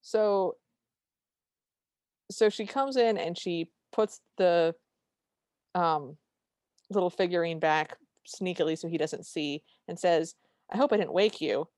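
A woman's voice: fairly low pitch, slow, long pauses, a little mellow, no room sound. A woman co-hosting a podcast, recapping a movie in casual chat with dry, wry humor. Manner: dry, wry storytelling with quoted lines. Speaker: podcast co-host.

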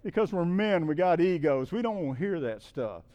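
A middle-aged man preaching a conversational sermon as a guest speaker, often checking in with "okay?" and building to emphatic, loud peaks. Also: a little high, big pitch swings, normal speed, highs cut off. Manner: repeats "okay?" to check in with listeners.

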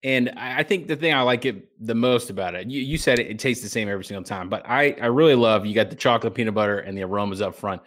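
A man from Virginia co-hosting a beer podcast, talking in an animated, jokey way with lots of "like" and restarts. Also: medium pitch, fast talker, few pauses. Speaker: beer review podcast co-host. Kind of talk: casual chat.

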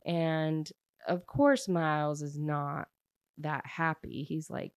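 Low-voiced young woman, rambling book recap. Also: takes it slowly, a little mellow, dry recording. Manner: chatty, rambling, many fillers and restarts. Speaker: book reviewer. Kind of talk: casual plot recap.

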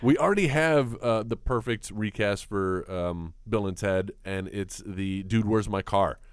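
A man's voice: on the low side, clear, resonant tone, no echo, studio quality. A man co-hosting a casual podcast, joking around and drawing out hesitant phrases. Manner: jokey, drawn-out hesitant phrasing. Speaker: podcast co-host.

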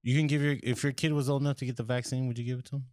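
A man's voice: mid-range voice, little pitch movement, rapid-fire, darkish tone, dry recording. A man in casual podcast chat, rambling and swearing, who keeps checking whether he is understood. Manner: rambling, keeps asking "you know what I mean, dude".

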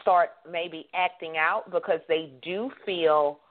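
A woman co-host chatting casually and pausing with hesitant fillers. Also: lowish voice, steady tone. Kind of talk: casual chat. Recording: tinny phone line.

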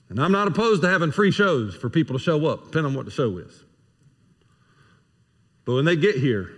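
A senior pastor preaching a sermon. He shifts from quiet asides to loud, emphatic peaks. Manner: dynamic preacher, swings between soft asides and loud high-pitched emphasis. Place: church sanctuary. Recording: reverberant church hall.

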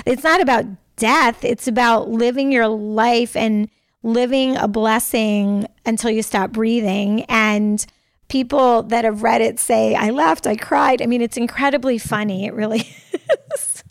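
A talkative woman guest telling stories in a casual interview, speaking in quick animated bursts. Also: fairly high pitch, no echo, clean studio sound. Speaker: podcast guest.

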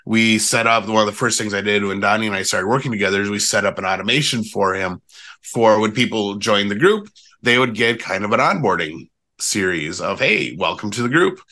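A man guest on a podcast interview, chatty and animated, using casual fillers as he explains email marketing. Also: lowish voice, a little fast.

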